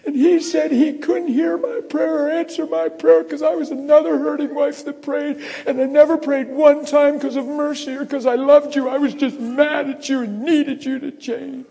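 A sobbing, repentant wife pleads in a high, strained voice, as a preacher puts her on. The sound rings with a long hall reverb. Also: level tone, moderate pace, creaky, few pauses, dark tone. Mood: pleading.

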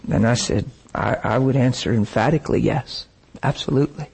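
A man's voice: mid-range voice, brisk, vocal fry, darkish tone, husky. A middle-aged man preaching a sermon, telling stories in an emotional, emphatic way.

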